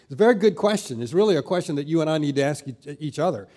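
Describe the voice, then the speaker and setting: A middle-aged man preaching a sermon as pastor, slowing down and growing louder when he stresses scripture. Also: animated. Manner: slows down and rises in pitch and volume when stressing scripture.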